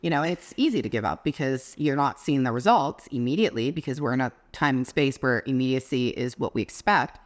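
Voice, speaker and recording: A woman co-hosting a podcast, calmly explaining ideas in casual chat. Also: rumbling low, fairly quick, few pauses. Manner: reflective, explains ideas step by step. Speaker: podcast co-host.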